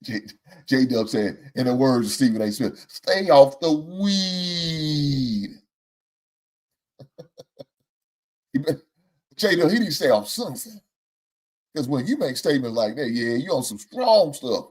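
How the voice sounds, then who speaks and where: A man hosting a casual sports talk show, using Southern American slang and talking in an animated, exclamatory way with frequent laughs. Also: medium pitch, normal speed. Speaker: host.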